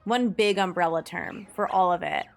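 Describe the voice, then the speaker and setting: A woman's voice: lowish voice, moderate pace, creaky, faint music behind. A young woman streamer in casual live-stream chat, musing aloud and reading search results. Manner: chatty and musing, reads search results aloud with frequent laughs.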